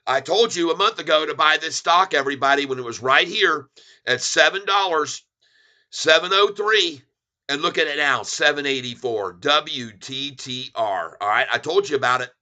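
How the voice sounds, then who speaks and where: A man hosting a stock livestream, chatting with viewers and reading their comments. He gets loud and excited at times. His voice sits fairly high and sounds bright and forceful. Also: normal speed. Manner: excitable, bursts into loud cheers over price jumps.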